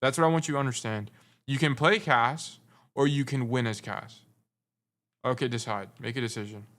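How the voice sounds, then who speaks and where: A man's voice: medium pitch, normal speed, fairly bright tone. A young adult man giving casual gameplay review commentary as a coach, blunt and teasing, repeating his points for emphasis. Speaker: game coach.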